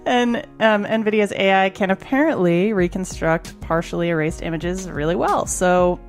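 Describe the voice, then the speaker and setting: A woman co-hosting a podcast, chatting casually with quick giggly reactions. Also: medium pitch, faint music behind. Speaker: podcast co-host. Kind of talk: casual chat.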